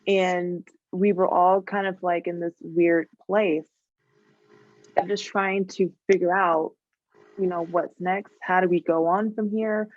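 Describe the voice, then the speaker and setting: Woman podcast host, relaxed and reflective, lowish voice, dry muffled audio. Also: slow, no echo. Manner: reflective, relaxed, speaks with fillers and musing. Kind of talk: casual conversational interview.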